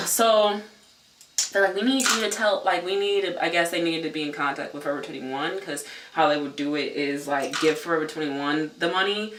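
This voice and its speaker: A man's voice: on the high side, a little fast, sharp tone, far from the mic. Guy spilling a storytime, chatty, lots of "like", roomy echo, sits back from the mic. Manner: chatty, many "like" fillers, swears. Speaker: vlogger telling a story. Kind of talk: casual storytime chat. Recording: echoey room, voice away from mic.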